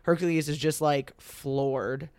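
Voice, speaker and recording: A young man casually retelling a myth, full of fillers and quick acted-out quotes. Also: on the high side, steady tone, darkish tone, clear, resonant tone, dry recording, studio quality. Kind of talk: casual storytelling chat.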